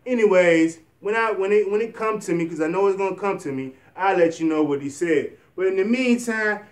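A man's voice: sits high, brisk, roomy sound, far from the mic. A young man talking earnestly in a rambling, encouraging vlog, often restarting his sentences. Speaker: vlogger. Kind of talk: motivational vlog talk.

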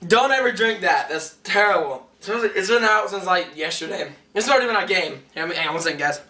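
A young man giving a rambling, excitable vlog update, heard through a camera mic a little way off. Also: high-pitched, fairly quick, recorded from a distance. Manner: rambling, excitable, self-correcting. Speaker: vlogger.

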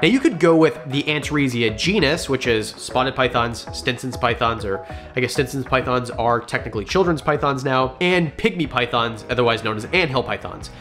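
A man runs a pet-snake vlog from home with pets around, sharing care tips with chatty enthusiasm and jokey asides. His mid-range voice is expressive and fairly bright at a moderate pace, with soft music playing in the background.

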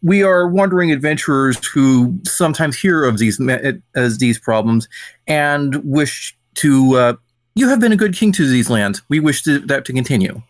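A man's voice: medium pitch, expressive, normal speed, dry recording. A man playing his character in a tabletop role-playing game, speaking formally and earnestly in character. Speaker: player.

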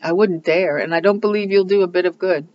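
A reader voicing a loyal young girl, a best friend, speaking hushed and scandalized. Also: mid-range voice, steady tone, a little fast, muffled recording, a little hiss or hum, natural voice.

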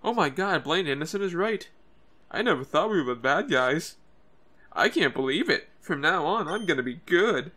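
A man's voice: a little high, animated, moderate pace, pushed and bright. A man voicing a villainous woman thief who is dramatically astonished and resolves to turn good.

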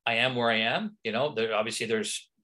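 A man from Canada, an actor and comedian, telling lively anecdotes as a guest in a casual interview. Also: medium pitch, fairly quick.

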